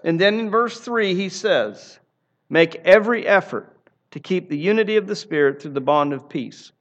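A man's voice: high-pitched, expressive, normal speed, fairly bright tone, lo-fi sound. A man preaching a sermon in an earnest, emphatic way, often repeating phrases for emphasis. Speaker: pastor.

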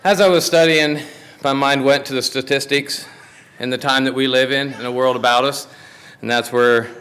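A man's voice: medium pitch, fairly even intonation, moderate pace, fairly bright tone. A man delivering a sermon from the pulpit, telling a story in a folksy way with frequent restarts. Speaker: preacher.

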